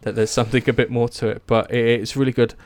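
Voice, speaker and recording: A man's voice: medium pitch, little pitch movement, fast talker, a little mellow, dry recording. A man chatting casually and eagerly about a series, rambling with many fillers and restarts. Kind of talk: casual chat.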